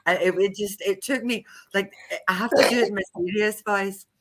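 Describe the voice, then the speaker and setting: A woman's voice: medium pitch, steady tone, normal speed. A woman co-hosting a live stream who reads a comic meditation aloud, then chats casually, laughing often and swearing freely. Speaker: co-host of a live psychic development stream.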